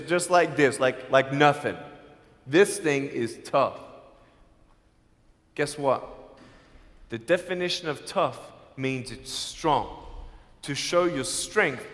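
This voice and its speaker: A man giving an emphatic motivational speech to students on stage, shifting between quiet lines and shouting. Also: sits high. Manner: emphatic, swings from soft to shouting. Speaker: motivational speaker. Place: large hall on stage. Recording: long hall reverb, faint music.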